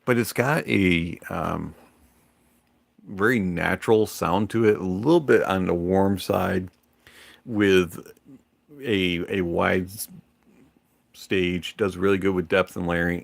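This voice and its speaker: Low gravelly man in a relaxed ramble. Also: no room sound. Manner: relaxed, rambling, with many fillers. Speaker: livestream host. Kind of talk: casual livestream chat.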